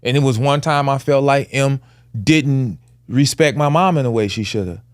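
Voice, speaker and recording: A man's voice: mid-range voice, normal speed, dry recording, studio quality. A man in his forties, a podcast co-host, telling a personal family story in casual with earnest emphasis. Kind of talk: candid conversational storytelling.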